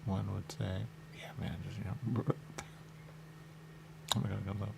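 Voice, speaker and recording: Gravelly low-voiced man muttering. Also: completely flat delivery, normal speed, background noise. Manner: mumbling, repeats "there you go", chuckles. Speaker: radio show host. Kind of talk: rambling casual talk.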